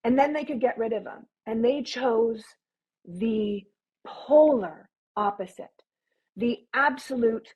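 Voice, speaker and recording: A woman speaks with a slightly raised pitch and a husky, breathy edge. She talks as an interview guest, emphatic and opinionated, building her points in long runs. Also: takes it slowly, darkish tone, lo-fi sound. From Canada. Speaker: podcast guest. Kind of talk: casual interview talk.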